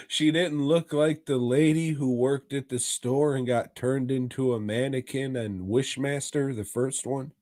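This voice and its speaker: A man's voice: medium pitch, steady tone, unhurried, dark tone. A man co-hosting a podcast, making sarcastic, profane asides and laughing often in casual chat. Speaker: podcast co-host.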